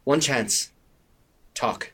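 A man voicing a ruthless female rogue in a tabletop game, speaking in low, terse lines. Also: lively intonation, slow pace, fairly bright tone, full character voice. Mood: menacing.

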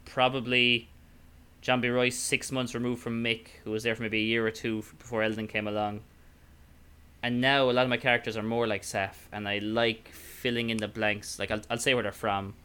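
An Irish man in easy conversation, his voice bright and clear with a smooth ring. He rambles through his thoughts, leaning on fillers and starting sentences over. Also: mid-range voice, little pitch movement, moderate pace. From Ireland. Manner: rambling, full of fillers and restarts. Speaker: podcast guest, tabletop player. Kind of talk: casual chat.

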